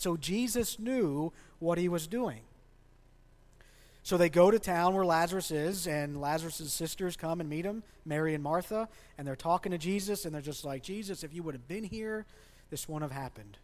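A man preaching a sermon as a pastor in a church, speaking conversationally and asking the congregation questions. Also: on the high side. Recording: long reverb of a large hall.

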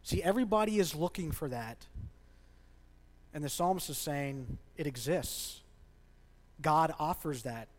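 A man's voice: a little high, animated, moderate pace. A male pastor in his thirties preaching a sermon with passion, pushing hard on his key points. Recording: long hall reverb.

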